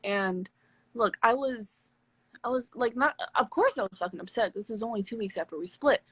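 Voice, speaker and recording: A woman hosting a live stream, telling a personal story in a candid, animated way with plenty of swearing. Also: fairly high pitch, moderate pace, breathy edge, dry recording. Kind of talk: casual storytelling chat. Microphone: phone on a live stream.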